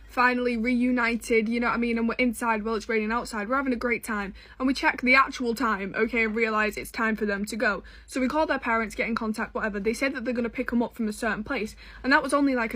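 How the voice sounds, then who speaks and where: British woman, young, sassy storyteller, swears a lot, fairly high voice. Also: fairly bright tone. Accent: British English. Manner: sassy, swearing, dramatic asides to viewers. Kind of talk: casual storytime.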